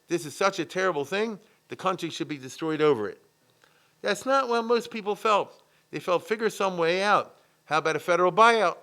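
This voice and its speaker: A man, a rabbi, giving a lively, conversational history lecture and checking in with his listeners often. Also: fairly high pitch. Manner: animated, frequent check-ins with the audience.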